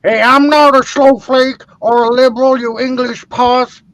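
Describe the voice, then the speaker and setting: A man putting on a shrill ranting troll. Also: fairly even intonation, unhurried, fairly bright tone, no room sound, low-quality recording. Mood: mocking. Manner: mocking put-on accent, high and strained.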